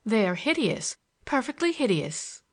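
Woman doing a cheeky young girl, mocking and breathless, voice jumping up high and all over. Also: sing-song, exaggerated voice. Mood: teasing. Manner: quick, mocking, breathless chatter. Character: playful teasing young woman, mocking schoolgirl. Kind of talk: audiobook character reading.

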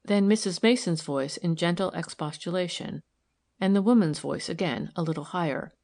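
Woman audiobook narrator, low-pitched, steady novel reading. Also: moderate pace, creaky.

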